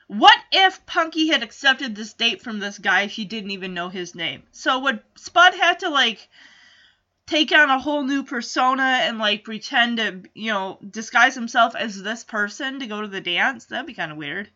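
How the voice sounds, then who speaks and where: A woman with a high, bright voice tells an episode's story in lively, animated commentary. She is opinionated and outspoken, and the audio sounds somewhat dull and lo-fi. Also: moderate pace. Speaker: reviewer recapping a TV episode. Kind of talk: casual recap commentary.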